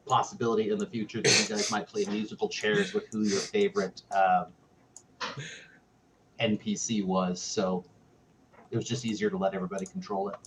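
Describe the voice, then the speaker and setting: A man's voice: fairly low pitch, little pitch movement, moderate pace, noisy background. A man running a tabletop game as game master, easygoing and a little hesitant as he explains things.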